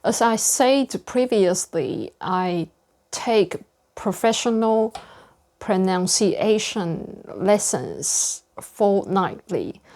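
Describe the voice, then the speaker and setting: A woman who is not a native English speaker, speaking slowly and carefully on camera in a room with a whiteboard, stressing the ends of words as she practices pronunciation. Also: medium pitch, expressive, a little mellow. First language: non-native English speaker. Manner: speaks slowly and deliberately, over-articulating word endings. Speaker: pronunciation learner sharing lessons. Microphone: camera close to the face.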